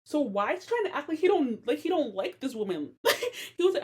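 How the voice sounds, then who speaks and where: Animated, slangy young woman host. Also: high voice, brisk. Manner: animated, slangy, laughs often. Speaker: podcast host. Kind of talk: casual Bible-story commentary.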